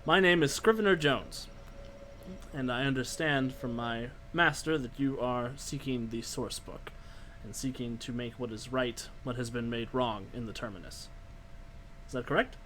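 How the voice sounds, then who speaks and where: A man voicing a tall, posh, well-dressed gentleman cyclist who speaks in a formal, courtly way, in a tabletop game. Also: mid-range voice, normal speed, a little hiss or hum, close to an everyday voice, poor audio.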